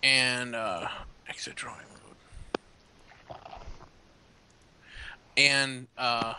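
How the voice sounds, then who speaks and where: A male tabletop player announces his moves over voice chat, slowly and with pauses. His voice is very bright and sharp. A faint noise hangs under it. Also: medium pitch, little pitch movement. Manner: deliberate and halting. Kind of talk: declaring actions in a tabletop game.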